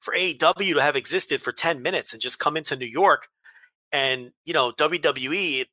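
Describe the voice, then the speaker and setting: A man's voice: on the high side, moderate pace, bright, forceful tone, no room sound. A man co-hosting a casual chat, ranting heatedly with profanity and emphatic repeats. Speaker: podcast co-host.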